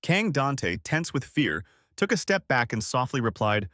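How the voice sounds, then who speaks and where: A man narrating a comic recap story in scripted, animated storytelling. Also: mid-range voice, measured pace, no echo, clean studio sound.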